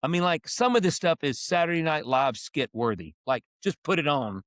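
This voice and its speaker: Man, sixties, podcast co-host, casual storytelling, acts out quotes, slightly high voice. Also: moderate pace, no echo, clean studio sound. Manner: animated, acts out quoted dialogue.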